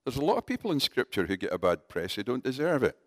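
A man preaching a sermon in a conversational, animated way, talking directly to his congregation. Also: medium pitch, fast talker, dry recording, studio quality.

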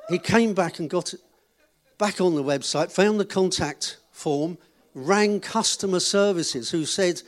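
A friendly event leader with a high voice takes his time delivering notices at a church gathering. Chatty in manner, he finishes by joking with the audience and telling a short joke.

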